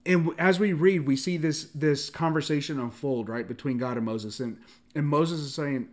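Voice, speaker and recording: A man giving a casual sermon, animated, often laughing and acting out the dialogue of the story, with frequent restarts and filler words. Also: on the high side, moderate pace. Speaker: preacher.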